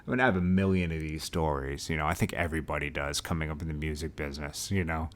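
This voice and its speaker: Brief: young male vlogger, deep voice, casual storyteller who bursts into loud high-pitched impressions. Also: quick pace. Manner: animated, acts out quotes with loud high outbursts.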